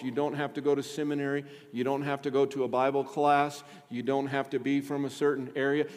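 A man's voice: a little high, big-room sound. A male pastor preaching a sermon, asking rhetorical questions and pressing his points with stretched, emphatic phrases.

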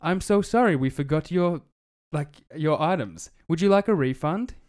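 A cheerful automated helpline woman with a prim, sing-song courtesy, as a man mimics her in a raised voice. She apologizes and offers help in a bright, overly polite tone. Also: on the high side, expressive, normal speed, voice pushed up, lightly acted. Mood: apologetic. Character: polite female automated phone assistant.

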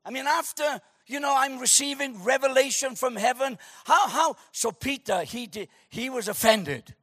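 A man preaching a sermon, animated and joking, who shouts for emphasis. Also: very high-pitched, normal speed, breathy edge, dry recording, studio quality. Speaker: pastor.

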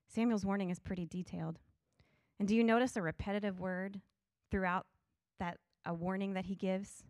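A woman's voice: medium pitch, steady tone, normal speed, a little mellow, dry recording, studio quality. Earnest middle-aged woman teaching scripture. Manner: earnest, conversational, reads scripture aloud. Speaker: Bible study teacher. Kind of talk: Bible study teaching.

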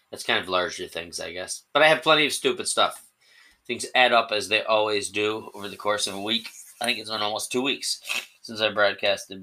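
A man hosting a solo podcast in a loose, meandering monologue, often restarting his sentences. His voice sits fairly low but sounds very bright and sharp. He pokes fun at himself as he goes. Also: rough recording. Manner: rambling, self-deprecating, with restarts. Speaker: podcast host.

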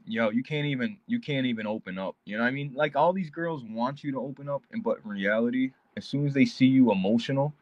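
A man's voice: medium pitch, fairly quick, no echo. Man, podcast co-host, casual rambling talk, muffled dry remote audio. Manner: loose, rambling, many restarts.

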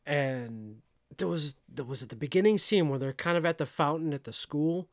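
A man's voice: on the high side, normal speed, no echo, clean studio sound. A man co-hosting a podcast in casual chat, rambling with lots of fillers as he talks it through. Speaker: podcast co-host.

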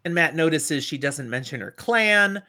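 A man's voice: on the high side, animated, moderate pace, pushed and bright. A middle-aged man hosting a casual book discussion, animatedly retelling the plot and acting out the characters. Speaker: podcast host.

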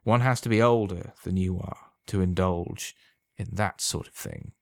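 A man voicing a sly, calm old man who sells love potions, speaking smoothly and unhurriedly in a quietly insinuating way. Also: deep voice, a little slow, no room sound. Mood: knowing.

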